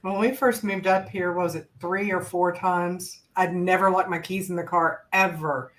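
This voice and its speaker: A woman co-hosting a casual chat, telling a relaxed, rambling story with fillers and restarts. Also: on the low side, normal speed, rough recording. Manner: relaxed, rambling, loses her thread with fillers. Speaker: podcast co-host.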